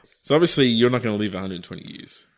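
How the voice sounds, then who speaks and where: A man's voice: lowish voice, expressive, fast talker. A man co-hosting a podcast, posing hypothetical scenarios in casual, playful banter and laughing often. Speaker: podcast co-host.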